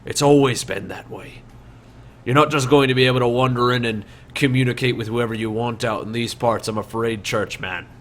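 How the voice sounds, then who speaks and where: Guy putting on a rough boisterous dwarf, folksy drawl, bit of background hiss. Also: medium pitch, fairly quick, close to an everyday voice. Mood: gruff.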